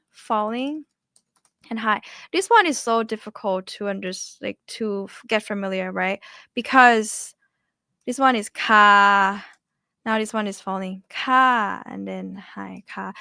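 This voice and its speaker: Thai-accented teacher lady drilling tones, chatty, bright slightly gravelly voice. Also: a little high, dry recording, studio quality. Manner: chatty, repeats words for drilling. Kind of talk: online language lesson.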